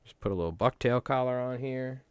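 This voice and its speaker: Speaking fairly quickly in a medium-pitched voice, this fly tying channel host has a darkish, clear, resonant tone with no room sound behind it. He has a New York accent and rambles through casual livestream chat, joking with viewers while tying flies.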